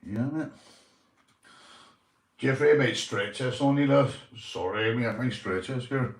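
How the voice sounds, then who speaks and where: A man's voice: mid-range voice, unhurried. A Northern Irish man in casual vlog chat, rambling and swearing, often saying "you know". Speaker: vlogger, police auditor. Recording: roomy, from a distance.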